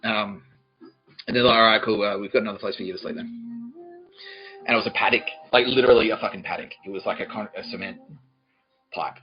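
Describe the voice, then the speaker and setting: A man in his forties rants through a comic story, swearing freely in a somewhat low voice. The audio is slightly dull and lo-fi, with faint music underneath. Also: expressive, quick pace, long pauses. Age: 40s. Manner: profane, ranting, mock-angry. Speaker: podcast host. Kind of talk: comedic storytelling monologue.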